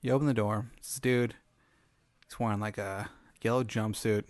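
A man's voice: lowish voice, steady tone, moderate pace, dry recording. A man host telling an improvised hypothetical story in a playful, laughing way.

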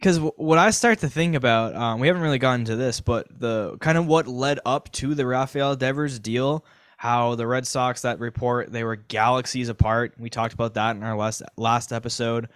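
A man co-hosting a casual sports podcast, thinking out loud with a rambling, speculative way of talking. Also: mid-range voice, normal speed, clear, resonant tone, dry recording. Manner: rambling, speculative, many fillers and restarts. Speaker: podcast co-host.

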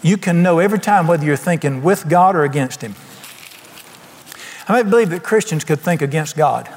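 A man preaching a folksy, colloquial sermon, his voice dropping soft at times. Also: fairly high pitch, animated, brisk. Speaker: pastor. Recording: long hall reverb.

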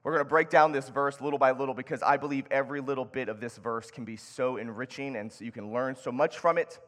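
A man's voice: medium pitch, steady tone, fast talker, fairly bright tone. Conversational man preaching in a reverberant hall. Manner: conversational, with restarts and Scripture read aloud. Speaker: pastor. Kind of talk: sermon. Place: church sanctuary.

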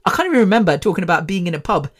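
A woman's voice: lowish voice, expressive, rapid-fire. A woman, hosting a casual solo podcast, rambling and laughing often. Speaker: podcast host.

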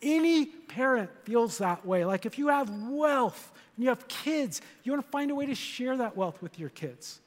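An older man, a grandfather, preaching a sermon in a church auditorium, animated and leading the congregation in repeated phrases. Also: extremely high pitch, moderate pace, few pauses, long reverb tail. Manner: animated, storytelling with congregation call-and-response. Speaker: pastor.

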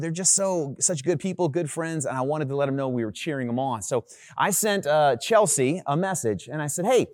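A young man who pastors a church tells a story to his online congregation. His voice sits a little high and the sound is dry and close. He talks in a loose, animated way, full of fillers. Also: dry recording. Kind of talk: sermon storytelling. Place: online church gathering recording.

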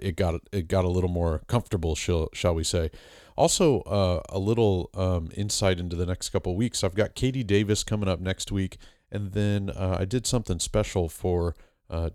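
A man's voice: low voice, a little mellow, no echo, studio quality. A man hosting a podcast, introducing his guest in a rambling, joking way with lots of fillers and restarts. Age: adult with a master's degree. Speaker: podcast host. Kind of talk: casual podcast monologue.

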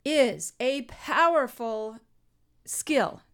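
A middle-aged woman hosting a casual interview. She is a fitness trainer who talks in an animated, expressive way and laughs easily. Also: high-pitched, extremely slow, smooth. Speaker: podcast host and fitness trainer.

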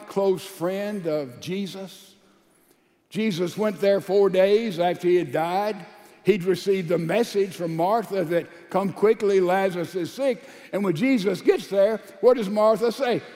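A male pastor with a high voice who preaches slowly and deliberately. He swings between loud emphatic lines and soft, low asides. His sermon rings with the long reverb of a large church hall.

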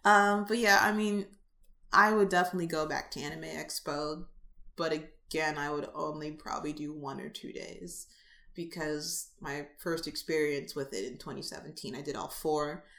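A woman co-hosting a casual chat, talking in a chatty, animated way with many fillers. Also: low-pitched, moderate pace, gravelly. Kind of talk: casual chat about conventions. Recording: echoey room.

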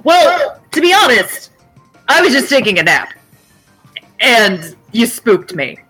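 A woman's voice: a little high, sing-song, slow pace, bright, forceful tone, husky, faint music behind, heavily acted. A woman voicing a smug, jokey male gator-man shapeshifter who cackles. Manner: cackling, cheeky.

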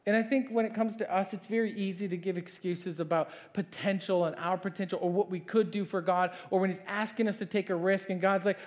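A man preaching a sermon as pastor, conversational and animated, asking the congregation questions and acting out biblical characters. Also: high voice, normal speed. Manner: animated, acts out voices of Moses and God.

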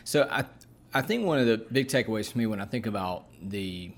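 A man's voice: fairly low pitch, expressive, brisk. A man co-hosting a casual podcast about scripture, who often agrees with his partner and explains points with homely everyday comparisons. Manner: affirming, folksy, uses everyday comparisons. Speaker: podcast co-host. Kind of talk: casual Bible-teaching chat.

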